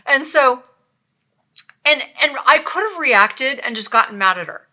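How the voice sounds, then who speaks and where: A middle-aged woman co-hosting a podcast, telling stories in a lively, animated way. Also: high-pitched, a little slow. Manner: lively storyteller, animated when quoting. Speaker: podcast co-host, nurse. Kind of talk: casual podcast conversation.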